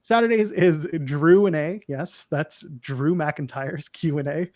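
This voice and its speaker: A man's voice: a little high, a little slow, darkish tone, dry recording, clean studio sound. A man co-hosting a casual wrestling podcast, opinionated and snarky as he runs through lists. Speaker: podcast co-host.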